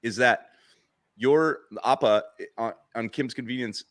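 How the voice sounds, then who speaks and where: A middle-aged man hosting a casual interview, joking and teasing in an animated way. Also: mid-range voice, measured pace, dry recording, studio quality. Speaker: host.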